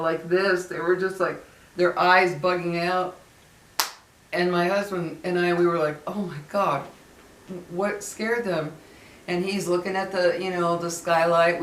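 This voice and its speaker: Chatty woman telling a story in an echoey room. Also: on the low side. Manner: chatty, repeats phrases, acts out quotes. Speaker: vlogger. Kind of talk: casual storytelling. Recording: echoey room, far from mic.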